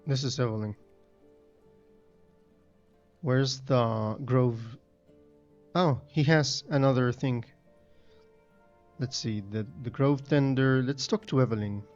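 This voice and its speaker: A man's voice: mid-range voice, slow, long pauses, a little mellow. Male let's play host, thinks aloud while playing, dull lo-fi audio with faint game music. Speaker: gaming channel host.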